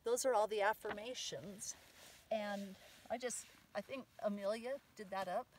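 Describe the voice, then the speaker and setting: A woman's voice: medium pitch, unhurried, recorded from a distance, a little hiss or hum, low-quality recording. Woman teaching outdoors, heard from afar. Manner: lively, says the affirmations out loud with emphasis. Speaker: mother teaching the medicine wheel. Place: outdoors on a sand dune.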